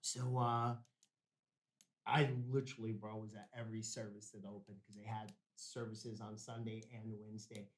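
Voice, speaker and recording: A man's voice: on the low side, little pitch movement, normal speed, far from the mic. A man, a podcast guest, telling a personal story in a casual, laid-back way, dropping "man" and "bro" throughout. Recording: roomy echo.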